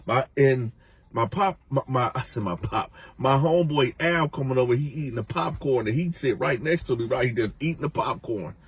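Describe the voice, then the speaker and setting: A man telling a prison story in a casual, animated way. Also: mid-range voice, moderate pace, breathy edge, dry recording. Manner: animated, conversational.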